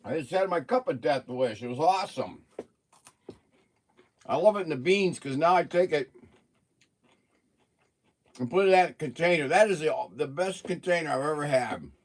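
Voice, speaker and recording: A man's voice: on the high side, lively intonation, normal speed, long pauses. Chatty man eating on a livestream. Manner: chatty, eating and talking with mouth full. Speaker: livestream host. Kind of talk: casual livestream chat.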